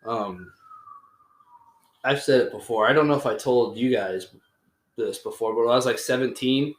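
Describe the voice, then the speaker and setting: A man's voice: medium pitch, moderate pace. A young man, telling a story as a podcast host in casual, rambling chat full of fillers and swearing. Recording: roomy echoey room.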